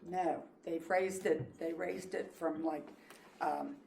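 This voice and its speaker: A woman's voice: sits low, fairly even intonation, takes it slowly, creaky, a little mellow. A woman serving as village clerk, answering budget questions in a matter-of-fact, defensive way. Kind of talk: council meeting discussion. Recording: echoey room with noise.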